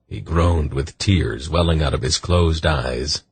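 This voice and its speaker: A male audiobook narrator reads in a measured, deliberate way. His voice is very deep with a husky edge. The recording is dry and close. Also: no room sound. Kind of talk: scripted narration.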